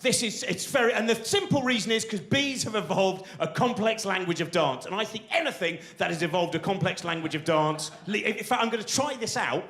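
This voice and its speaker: Stand-up in his forties, high voice, rambling, digressive. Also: animated, brisk, hardly any pauses, a bit bright. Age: 40s. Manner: rambling, digressive, tag questions. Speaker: stand-up comedian. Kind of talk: live stand-up comedy. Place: theatre stage before a live audience.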